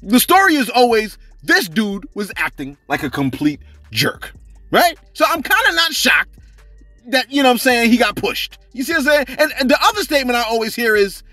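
A man's voice: very high voice, animated, fairly quick, pushed and bright, dry recording, faint music behind. A man hosting a celebrity gossip channel in a casual, joking style, often laughing and asking "you see what I'm saying?".

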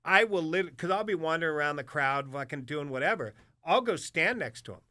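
A man telling stories as a guest in casual chat, animated and profane, laughing often. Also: fairly high pitch, fairly quick, no echo.

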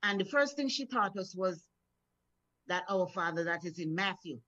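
Speaking at a normal pace in a lowish, fairly bright voice with lively intonation, a middle-aged Floridian minister gives an encouraging morning devotional full of stories. She repeats words to build momentum, and the audio is dull and lo-fi.

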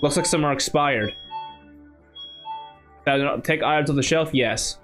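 Soft music plays behind a man whose voice is on the high side and fairly bright, his pace a little slow. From the United States, he hosts a gaming channel and offers casual, chatty let's-play commentary, thinking aloud with many restarts.

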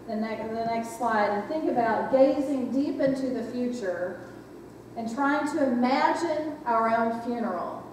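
A woman's voice: fairly high pitch, a little mellow, a little hiss or hum. A woman pastor giving a reflective sermon, often asking the congregation questions. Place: church sanctuary. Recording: echoey church hall from far off.

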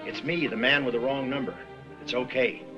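A man's voice: mid-range voice, loud music behind the voice, close to an everyday voice. A man playing a wisecracking middle-aged realtor. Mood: wry. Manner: wisecracking, quick deadpan quips, salesman patter. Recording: dull 1960s film soundtrack, faint hiss.

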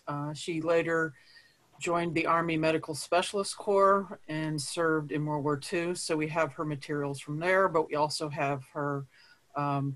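Woman curator reading old letters aloud. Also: deep voice. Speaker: archive curator.

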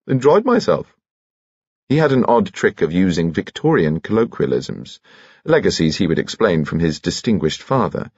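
A man narrating an audiobook in an expressive, measured way, recorded close on a studio microphone. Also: low-pitched, husky, dry recording, muffled recording. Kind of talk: scripted narration.

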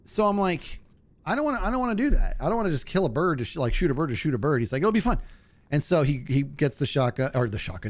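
Animated man telling a story while gaming. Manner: animated, acts out quotes in a higher voice, laughs often. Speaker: streamer.

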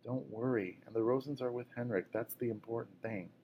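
A man reading aloud as an injured, tired mother who speaks softly to her daughter. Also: mid-range voice, brisk, narrow, tinny audio, a little hiss or hum, lightly acted. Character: injured, tired but brave mother, gentle. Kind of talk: audiobook reading.

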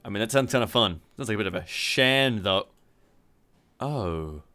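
Speaking on the low side with a sharp tone, this young Australian man sounds animated and talks at a normal speed. He's a gaming channel host giving casual strategy game commentary, full of rambling, swearing, and mocking asides.

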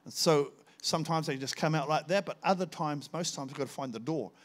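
A man's voice: on the high side, fairly quick. An older man, a visiting preacher telling a personal testimony in a sermon and acting out the dialogue. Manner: animated storytelling, acting out dialogue.

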